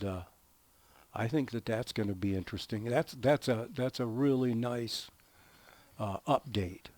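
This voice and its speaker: A man hosting a gameplay video, chatting casually in a slow, folksy, drawling way and telling a joke as he builds. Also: medium pitch, darkish tone, dry recording. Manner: slow, folksy, drawling storyteller who chuckles at his own jokes. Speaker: gaming video host. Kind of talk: relaxed gameplay commentary with a told joke.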